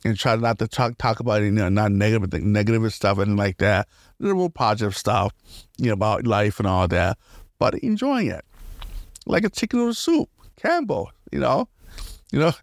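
A man's voice: lowish voice, big pitch swings, a little fast, vocal fry, no echo. Rambling man on a dry podcast mic. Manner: rambling, laughs often, restarts a lot. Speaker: podcast host. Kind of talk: casual solo podcast rambling.

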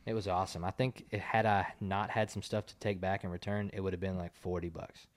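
A man's voice: low voice, little pitch movement, fairly quick, dry recording. A man in his thirties co-hosting a casual podcast, wryly teasing and correcting his partner. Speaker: podcast co-host. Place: home podcast studio.

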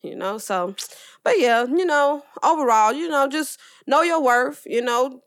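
A woman with a slightly high voice talks in a loose, laid-back way, passing on advice in easy conversation. She sounds like a co-host chatting with a partner. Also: unhurried, smooth. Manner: relaxed, loose, advice-giving. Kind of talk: casual chat.

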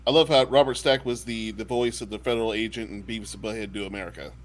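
A man's voice: lowish voice, fairly even intonation, fast talker, crowd noise. A man co-hosting a podcast, joking and hesitating with fillers in casual chat. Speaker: podcast co-host.

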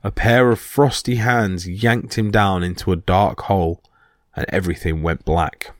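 Male podcast storyteller, low, steady, vivid, dry sound. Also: unhurried, dry recording. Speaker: narrator. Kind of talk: storybook narration of myths.

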